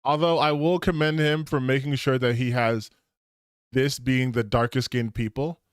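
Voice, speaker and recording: A man's voice: mid-range voice, steady tone, normal speed, clear, resonant tone, no room sound, clean studio sound. A man streaming casual reaction commentary, sarcastic and incredulous, repeating his points for emphasis.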